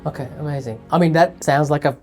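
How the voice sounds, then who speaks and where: A man's voice: on the high side, fast talker, darkish tone, faint music behind. A man hosting a podcast, chatting in an easygoing, agreeable way. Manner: chatty, laughs easily, agreeable. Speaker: podcast host. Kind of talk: casual podcast chat.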